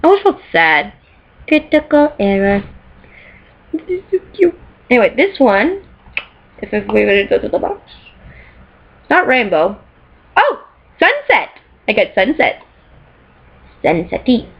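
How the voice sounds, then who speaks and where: A woman vlogger chatting casually and excitedly about things she bought, rambling and giggling, recorded in a bedroom. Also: fairly high pitch, a little slow, gravelly, long pauses, breathy edge. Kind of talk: casual chat showing off purchases. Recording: slightly dull lo-fi sound.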